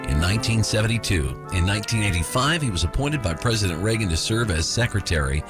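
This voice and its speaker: A man's voice: lowish voice, animated, quick pace, over music. A man in his fifties hosting a radio show, reading news items with jokes and chuckling at his own lines. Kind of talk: morning radio chat and news.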